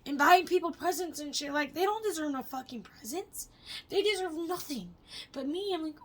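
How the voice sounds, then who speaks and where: A woman's voice: high voice, animated, moderate pace, a bit bright. A young adult woman vlogging casually, rambling with lots of fillers and frequent swearing. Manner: chatty, swears freely, rambling with many fillers. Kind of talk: casual personal vlog.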